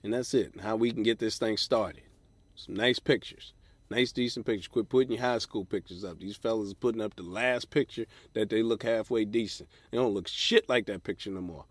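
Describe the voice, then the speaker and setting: Comedian, male, low-pitched, cusses through a loose solo podcast rant from his car, dry close sound. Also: fairly quick, no echo. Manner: profane, ranting, mocks others in high falsetto voices. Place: sitting in a car in a parking lot.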